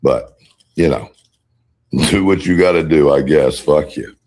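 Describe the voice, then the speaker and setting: A man's voice: rumbling low, measured pace, a little mellow. A man ranting on a casual livestream, defiant and profane, with a drawling delivery. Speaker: livestreamer being critiqued.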